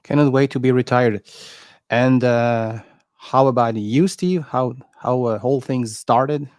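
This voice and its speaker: A man hosts a live stream, his voice dry and close. He asks questions haltingly, restarting words before he gets them out. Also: medium pitch, a little mellow, dry recording. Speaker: host. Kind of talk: casual chat on a live stream.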